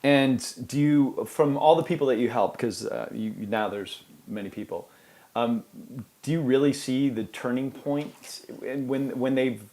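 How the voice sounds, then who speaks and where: A young man interviewing a guest, halting and repeating words, with a joking streak. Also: medium pitch, mellow. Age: young adult. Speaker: interviewer host. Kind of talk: casual interview talk.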